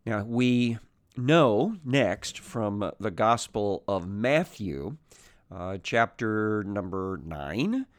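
Man, low voice, very slow measured Bible teacher, frequent pauses and restarts, dry close recording. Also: lively intonation, dry recording.

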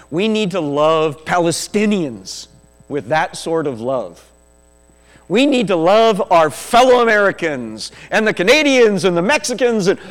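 A pastor delivers a sermon in a church sanctuary, his voice sitting high as he preaches slowly and emphatically before dropping into a quiet prayer. The audio has the echo of a church hall, along with mains hum.

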